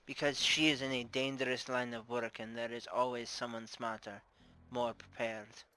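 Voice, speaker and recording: A man's voice: medium pitch, flat delivery, normal speed, sharp tone, clean tone, lightly acted, low-quality recording. A man voicing a shrewd, playful madam who runs her house with formal, teasing grace, in a put-on Russian accent. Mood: worried. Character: shrewd playful female brothel madam, middle-aged. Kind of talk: tabletop game character voice.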